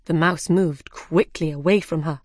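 A woman reading a children's story aloud in a simple, measured way. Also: deep voice, steady tone, no room sound. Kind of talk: scripted narration of a children's story.

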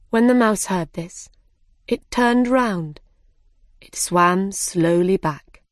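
Slow, measured woman storyteller. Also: on the low side, dry recording, studio quality. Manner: slow, simple and measured reading. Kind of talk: scripted narration of a children's story.

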